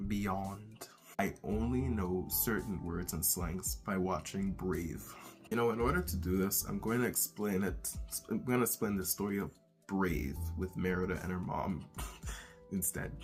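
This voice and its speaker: Low-voiced playful male vlogger. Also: fairly bright tone. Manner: playful, slips into mock accents and phrases. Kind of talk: casual talk to camera.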